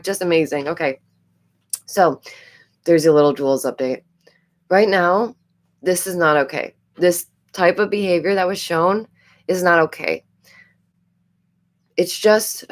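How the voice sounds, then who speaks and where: A woman with a New York accent giving casual live-stream commentary as the host. She is chatty, repeats her phrases, giggles often and has a stuffy nose. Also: lowish voice.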